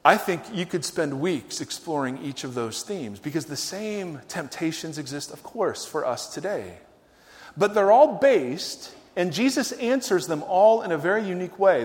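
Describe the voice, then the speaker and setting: Male preacher, high voice, chatty and wry, keeps asking the congregation questions. Long hall reverb. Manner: conversational, asks the audience questions, wry humor. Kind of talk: sermon.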